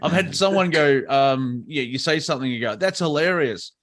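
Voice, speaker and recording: A man's voice: medium pitch, a little fast, a bit bright. A man who co-hosts a live comedy call-in show, a stand-up comedian bantering and laughing easily. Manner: joking, laughing often. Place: Melbourne.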